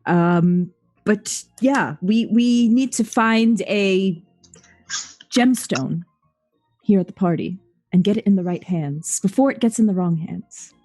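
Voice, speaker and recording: A woman role-playing at a tabletop game, unhurried and matter-of-fact. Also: medium pitch, mellow, no room sound, faint music behind. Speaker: player. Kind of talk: in-character tabletop role-play.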